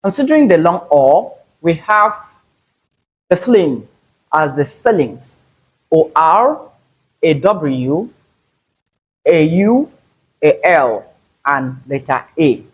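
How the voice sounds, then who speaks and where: Male English teacher, husky tone, measured drilling pace for a pronunciation lesson. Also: on the high side, big pitch swings, low-quality recording. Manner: slow, deliberate, repeats example words with stress. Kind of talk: phonetics lesson.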